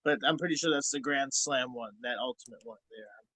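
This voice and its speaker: A man's voice: medium pitch, a little fast, no echo, low-quality recording. A man guest on a podcast, telling rambling stories full of swearing and quoted arguments. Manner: profane, rambling, animated when telling stories. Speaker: podcast guest, former wrestler. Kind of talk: casual storytelling.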